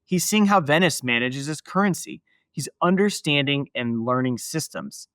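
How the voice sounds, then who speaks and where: A man's voice: on the high side, lively intonation, normal speed, a bit bright, dry recording. A man hosting a podcast, narrating history in a casual, emphatic way with asides to his listeners. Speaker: podcast host.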